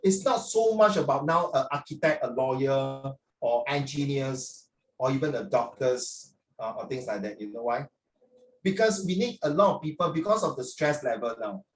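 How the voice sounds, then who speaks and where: A man's voice: medium pitch, lively intonation, normal speed. An older man with a Singaporean accent, a teacher lecturing a class in a chatty way, dropping local particles as he talks. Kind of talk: classroom talk to students. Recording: roomy echo, from far off.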